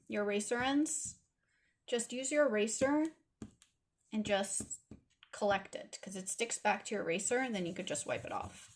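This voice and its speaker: A woman with a Toronto Canadian accent hosting a casual drawing tutorial, chatting and apologizing in asides while she inks. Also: mid-range voice. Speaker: art tutorial host.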